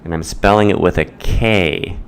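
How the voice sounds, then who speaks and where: A man's voice: low voice, moderate pace, slight background noise. A man teaching a math lesson in a playful, theatrical way. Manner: playful, theatrical, acts out students' voices.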